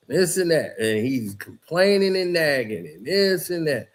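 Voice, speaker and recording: A man's voice: fairly high pitch, big pitch swings, a little slow. A man giving casual, rambling basketball commentary, telling the story in a loose way with lots of "you know" and "like".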